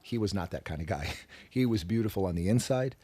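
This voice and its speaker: Rock musician guest, very deep voice, swears freely and plays out his anecdotes. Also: a little fast. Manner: animated, profane, acts out quoted voices. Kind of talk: casual radio interview storytelling. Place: radio studio.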